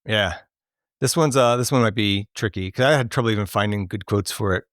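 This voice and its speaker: A man's voice: lowish voice, fairly quick, a bit bright, no echo. Chatty male podcast host, dry sound. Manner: chatty, laughs often. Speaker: podcast host running a movie quote quiz. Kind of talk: casual chat.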